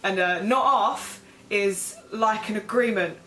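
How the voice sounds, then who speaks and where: A woman's voice: mid-range voice, slow pace, sharp tone, far from the mic, slight background noise. A young woman with an Essex accent, casually chatting on a vlog, rambling and self-deprecating with lots of fillers. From Essex, England. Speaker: vlogger. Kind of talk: casual chat explaining slang. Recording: echoey room with faint music.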